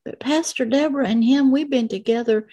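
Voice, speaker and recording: A woman's voice: high voice, dark tone, highs cut off. A woman in her late sixties, a pastor, reading scripture verses and explaining them in an earnest sermon for children. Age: 60s. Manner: slow, earnest, reads verses then explains.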